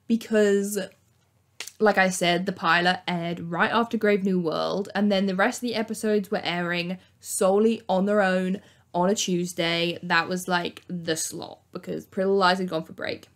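A young woman hosting a casual, chatty TV recap, acting out quotes in an animated way. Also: fairly low pitch, normal speed. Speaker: YouTube host.

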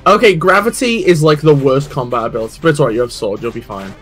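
A man riffing over a gameplay stream in crude, rambling jokes and playful teasing. His voice sits in an ordinary middle pitch, with faint game music behind him. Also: quick pace, fairly bright tone. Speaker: streamer, co-host. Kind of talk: casual chat over gameplay.

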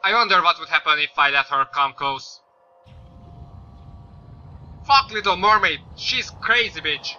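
A man doing let's-play commentary, swearing often and yelling at the game. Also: sits high, lively intonation, normal speed. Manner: swears a lot, yells at the game. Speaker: gaming YouTuber. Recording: slightly dull lo-fi mic with faint noise.

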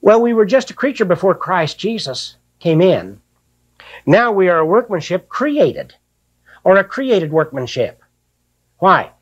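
An older man preaching a sermon, reading scripture slowly and then explaining it in plain, folksy talk. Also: high voice, big pitch swings, highs cut off.

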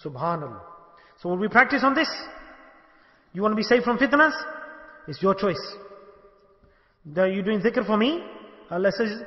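Pausing often, this sheikh delivers his sermon in a high, sing-song voice at normal speed. He asks his audience rhetorical questions and acts out small dialogues, in a dull, lo-fi recording made in an echoey hall.

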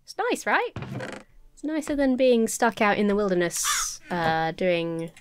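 A woman's voice: mid-range voice, sing-song, a little slow, noisy background. A woman with a stuffy, nasal voice, chatting to herself as she plays a building and farming game. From England. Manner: chatty, talks to herself while sorting items. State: nasal from a cold. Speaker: Minecraft let's player. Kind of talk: casual gameplay commentary.

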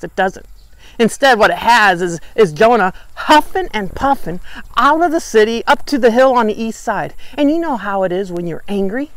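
A woman teaching a church Bible study lesson, lively and animated, acting out the people in the story as she goes. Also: medium pitch, no echo. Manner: animated, acts out the characters' lines.

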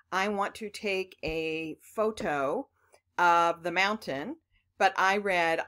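Patient woman phonics teacher, bright and slow, coaxing children through each sound. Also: medium pitch.

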